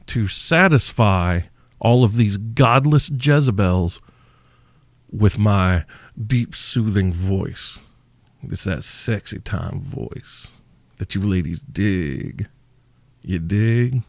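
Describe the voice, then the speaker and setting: A man's voice: medium pitch, no room sound, clean studio sound. A man hosting a podcast, answering listener questions in a crude, brash, joking monologue. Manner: profane, brash, mock-seductive. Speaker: podcast host.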